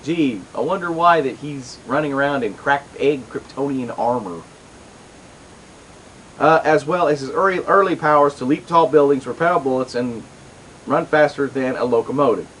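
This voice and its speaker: A man's voice: medium pitch, normal speed, fairly bright tone, a little hiss or hum, rough recording. A middle-aged man hosting a comics show, rambling through casual commentary with lots of asides and restarts.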